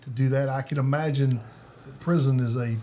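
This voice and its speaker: A man's voice: medium pitch, fairly even intonation, brisk, warm tone, a little hiss or hum. Interview host, male, affirming and reflective tone. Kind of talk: interview conversation.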